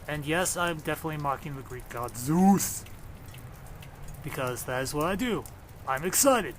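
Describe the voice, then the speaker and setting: A man with a fairly high voice gives an excitable, foul-mouthed running commentary while he films lightning from under a shelter. He taunts the storm with every flash. Steady rain noise is loud on the handheld camera recording. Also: moderate pace. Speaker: vlogger filming a storm. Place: outdoors under a shelter in a rainstorm.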